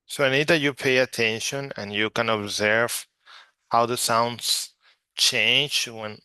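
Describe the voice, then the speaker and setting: A man's voice: mid-range voice, fairly even intonation, slow, pushed and bright, clean tone, dry recording. A man from Mexico teaching Spanish vocabulary from slides, repeating each word patiently so learners can practice. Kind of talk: slide-based language lesson.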